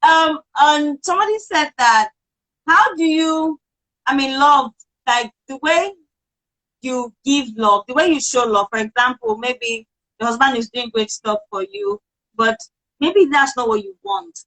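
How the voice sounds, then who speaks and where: A woman hosting a casual conversation, enthusiastic, with quick affirmations. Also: high-pitched, lively intonation, fairly bright tone, poor audio. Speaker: host.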